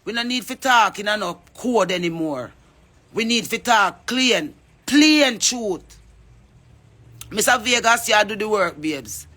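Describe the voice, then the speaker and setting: Jamaican woman, singer, fervent preachy social media appeal, bright forceful voice. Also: mid-range voice, lively intonation, measured pace. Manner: fervent, preachy, calls out names.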